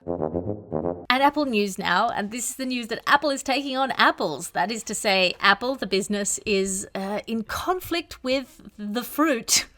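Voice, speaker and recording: A woman's voice: mid-range voice, sing-song, unhurried, a bit bright, faint music behind. Wry woman hosting a comedy panel. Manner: wry, punning story setups. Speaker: podcast host.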